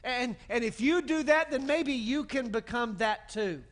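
A man's voice: very high-pitched, unhurried. A man pastor preaching a sermon in an emphatic manner, building long repeated lists.

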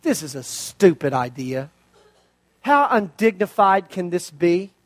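A preacher acting out a proud old-world army commander, indignant and grumbling, in a high voice. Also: male voice, very animated, measured pace, heavily acted. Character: proud, angry ancient army commander, grown man.

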